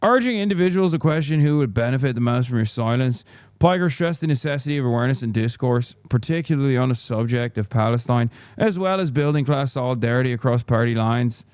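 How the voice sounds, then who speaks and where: A man's voice: mid-range voice, quick pace, a little mellow, smooth, no echo, studio quality, lightly acted. A man putting on an exaggerated Irish accent while reading an article aloud on stream. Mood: mock newsreader. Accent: put-on Irish. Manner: theatrical, exaggerated brogue. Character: man reading news in a hammy put-on Irish brogue.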